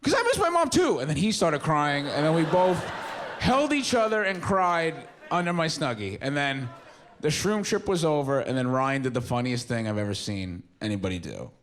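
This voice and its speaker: A man's voice: on the high side, expressive, normal speed. A young man, telling loose, mumbly stories in a stand-up set and acting out quotes. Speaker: stand-up comedian. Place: theater stage with a live audience.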